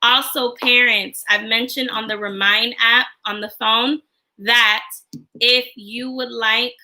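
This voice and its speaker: Woman teacher, slightly high voice, livestream announcements, repeats and corrects herself as she explains. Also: fairly even intonation, slow pace, pushed and bright. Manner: explains step by step with fillers and restarts.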